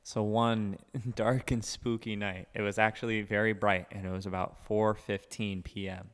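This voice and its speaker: A man co-hosting a casual podcast, telling an animated story about a customer, with many fillers. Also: on the low side, normal speed, clean tone, long reverb tail. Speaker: coffee shop co-owner, podcast co-host.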